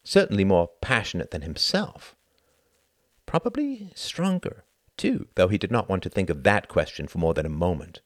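A man reading a novel aloud as narrator, in a measured, dramatic storytelling manner. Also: deep voice, very animated, no room sound, clean studio sound. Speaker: audiobook narrator. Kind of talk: scripted narration.

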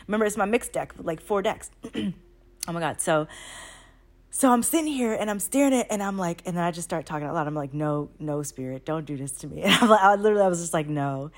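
Woman, excitable, rambling, profane, slangy, casual monologue. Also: medium pitch, quick pace. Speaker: spiritual channeler. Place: home, at night.

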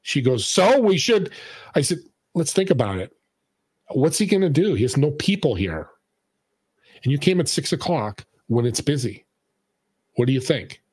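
A man telling a story in casual conversation, acting out the people he quotes with a lively delivery. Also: medium pitch, normal speed, long pauses, slightly rough, no room sound. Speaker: podcast host and guest.

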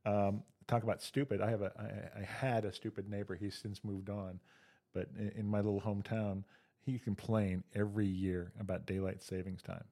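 A man's voice: lowish voice, little pitch movement, moderate pace, mellow. A man co-hosting a comedy podcast, chatting casually and telling dad jokes and long joke stories. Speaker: podcast co-host.

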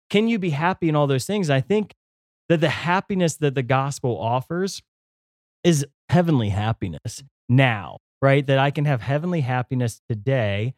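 A young man co-hosting a faith podcast in a studio, telling stories in an animated way with many fillers and restarts. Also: medium pitch, normal speed, no echo. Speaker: podcast co-host.

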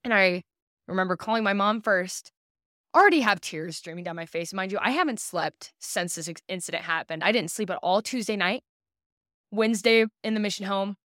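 A woman's voice: medium pitch, a little fast, a bit bright, dry recording, clean studio sound. Earnest young woman telling her story. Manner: earnest, acts out quoted dialogue. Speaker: podcast guest. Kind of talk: personal storytelling in an interview.

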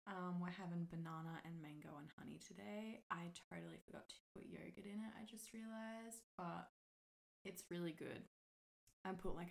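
Casting note: woman, low-ish husky morning voice, casual solo podcast host, loose and chatty. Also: normal speed, low-quality recording. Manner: relaxed, chatty, swears casually, laughs often.

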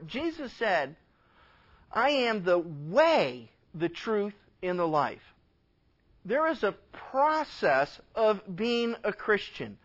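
A man, a pastor, teaching a Bible passage in an impassioned sermon, swinging from loud emphatic lines to quiet asides and acting out bits of dialogue. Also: high voice, lo-fi sound. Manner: acts out dialogue with God and others in quick conversational voices.

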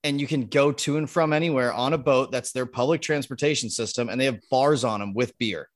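A man from the Philadelphia area chatting casually on a sports podcast, telling a quick story with eager energy. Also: mid-range voice. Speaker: podcast co-host.

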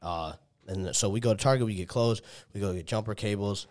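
A man's voice: on the low side, fairly quick, darkish tone. A young man telling a long personal story in casual chat, loaded with "like" and swearing, often acting out what people said. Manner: heavy filler "like", swears, restarts, quoted dialogue.

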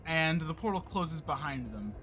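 A man's voice: on the high side, expressive, moderate pace, crowd noise. A man narrating a tabletop game as its game master, in a playful, descriptive way.

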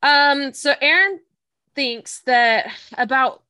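A chatty young woman with a slightly high voice talks through an episode recap. She laughs easily and reads from her notes. The sound is close and dry, with no room around it. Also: takes it slowly, pushed and bright, no room sound. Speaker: podcast co-host recapping an anime episode. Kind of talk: casual chat.

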